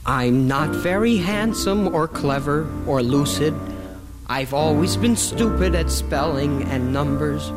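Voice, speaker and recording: This is a high-voiced, gloomy young boy who runs himself down, as a man plays him on stage. Loud music plays under his sad complaints. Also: slow. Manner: mopey, self-deprecating. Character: glum, insecure young boy.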